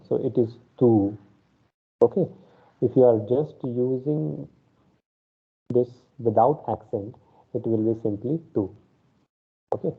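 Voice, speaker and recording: A man's voice: mid-range voice, creaky, breathy edge. A man teaching a Spanish class online, explaining step by step and often checking in with an "okay". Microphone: video call. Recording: phone-like online class audio.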